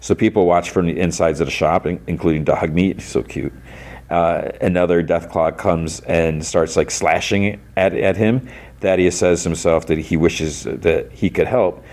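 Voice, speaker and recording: A man's voice: deep voice, fairly even intonation, moderate pace, a little mellow. A man hosting a podcast, retelling an episode in a casual, rambling way full of "like" and restarts. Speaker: podcast host.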